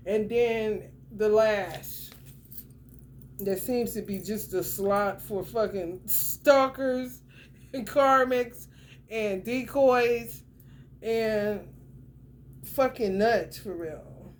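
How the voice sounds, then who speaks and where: A woman's voice: medium pitch, drawn-out words, slight background noise. A woman giving a casual tarot reading to the camera, blunt and profane, talking straight at the viewer with lots of emphasis. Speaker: tarot reader.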